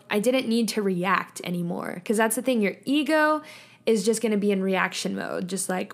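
A woman's voice: medium pitch, a little fast. A young adult woman hosting a casual solo podcast, talking in a chatty, reflective and earnest way and filling her sentences with "like.". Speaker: podcast host.

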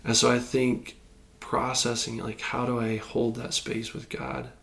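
A man's voice: mid-range voice, little pitch movement, unhurried, creaky, a bit bright. A man who is a podcast guest, thoughtfully sharing how he carries a frustrating loss in his faith. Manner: thoughtful, searching, speaking with frustration about loss. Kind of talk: reflective personal testimony.

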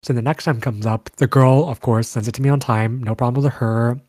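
A young man in casual chat, telling animated stories with lots of fillers. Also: medium pitch, brisk, no room sound. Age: young adult. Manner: animated storytelling, frequent fillers.

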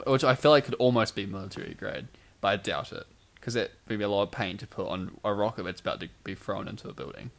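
A man's voice: lowish voice, fast, creaky. A man co-hosting a podcast in casual chat, rambling with many fillers and restarts, drowsy on sleep medication. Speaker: podcast co-host. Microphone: home microphone on a stand.

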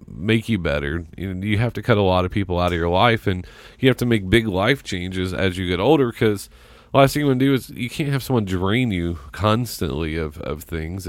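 A man's voice: deep voice, no room sound. A man hosting a casual chat show, reading from an article and talking in loose, rambling sentences. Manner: conversational, reads from articles, trails off into restarts.

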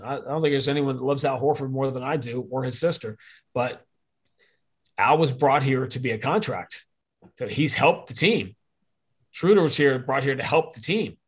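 This podcast guest has a mid-range, slightly rough voice. In a casual conversation, he rambles and shares opinions freely, often stopping to correct himself partway through a sentence.

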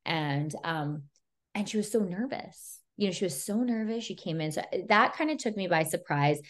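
A woman's voice: lowish voice, lively intonation, normal speed. A woman photographer chatting as a podcast guest. She tells stories casually, with lots of fillers, and slips into the voices of the people she describes. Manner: chatty, filler-heavy, retells scenes with quoted dialogue. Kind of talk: casual storytelling chat.

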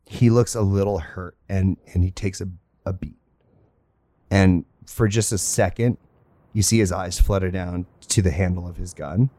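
A man running a tabletop role-playing game as game master, narrating in a relaxed, laughing way with lots of fillers. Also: deep voice, no room sound.

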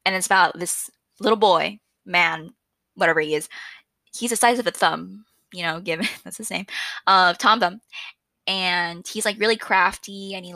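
Loud, chatty young woman podcaster. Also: on the low side, creaky, no room sound. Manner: chatty, loud and excitable, self-mocking. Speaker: podcast host. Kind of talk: casual solo podcast chat. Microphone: podcast microphone.

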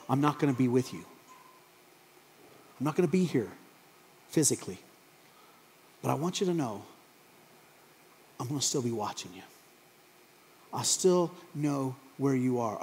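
Man plays a loving male teacher; quiet, lower, intimate reassurance; echoey hall. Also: close to an everyday voice. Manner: soft, hushed and reassuring. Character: gentle, tender male teacher comforting followers.

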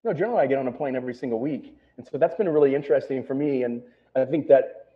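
A man's voice: medium pitch, rapid-fire. Rambling man on a tinny phone line. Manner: rambling, full of "you know" and "right?". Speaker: restaurant owner. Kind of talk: casual interview talk.

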